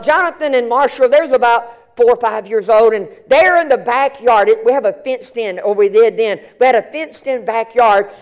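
High-voiced man telling a sermon story. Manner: animated, colloquial, repeats and restarts words. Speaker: pastor.

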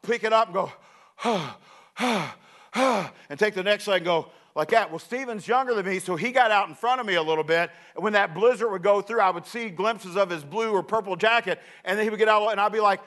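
Animated, bright-voiced storytelling preacher. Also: male voice, sits high. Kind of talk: sermon illustration.

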